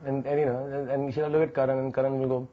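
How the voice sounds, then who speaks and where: A man, an actor in an interview, telling animated anecdotes and acting out what others say. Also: medium pitch, fast, narrow, tinny audio. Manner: animated, acts out quotes.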